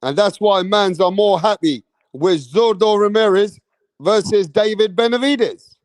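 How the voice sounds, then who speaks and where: A young man, high-pitched and unhurried, riffs through a boxing live stream in slangy, animated commentary. He talks straight to the chat, and his voice sounds close and dry with no room around it. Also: dry recording.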